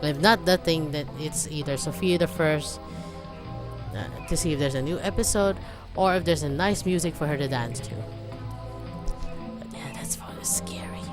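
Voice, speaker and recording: A woman's voice: low-pitched, normal speed. A woman casually playing and reading out a story game, rambling and chatty with many fillers. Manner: rambling, animated, frequent fillers. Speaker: let's play gamer. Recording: voice over game music. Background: game music.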